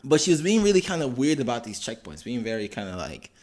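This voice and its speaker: A man's voice: medium pitch, sing-song, fast talker, a little mellow. A young Irishman co-hosting a podcast, telling a story in casual chat with a loose, slangy manner full of fillers and swearing. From Ireland. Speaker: podcast co-host.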